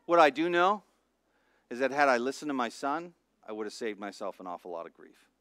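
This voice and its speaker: Animated pastor, dry close sound. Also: male voice, medium pitch, brisk, dry recording. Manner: animated storytelling, acts out voices, swings from soft to loud. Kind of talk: sermon.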